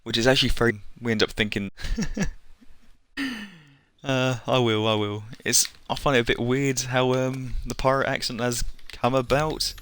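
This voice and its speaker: English guy rambling on a game stream, bright crisp voice, lots of ums and little laughs. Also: medium pitch, flat delivery, normal speed, no room sound. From England. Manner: rambling, chuckles often, lots of fillers. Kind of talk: casual live-stream chat while playing.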